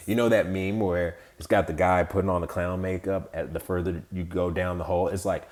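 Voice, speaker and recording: An American man hosts a podcast of heated, profane, rambling political commentary, mocking others with quoted voices. His voice sits low and moves at a moderate pace.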